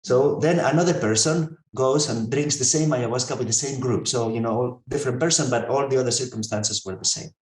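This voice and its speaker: A man telling stories in conversation, halting, with frequent restarts. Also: mid-range voice, roomy sound. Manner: halting, many restarts and fillers, storytelling. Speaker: researcher and interviewer. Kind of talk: conversational storytelling.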